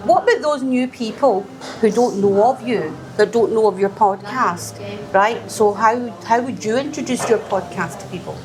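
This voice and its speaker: A woman's voice: a little high, moderate pace, over music. A woman guest on a podcast, chatting casually and teasing with lots of giggles. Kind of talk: casual chat.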